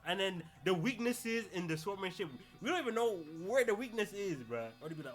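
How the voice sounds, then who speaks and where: High, lively young man ranting. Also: fairly quick, hardly any pauses, soft background music. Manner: animated, slangy, laughs through his rants. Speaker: podcast host. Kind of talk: casual solo commentary.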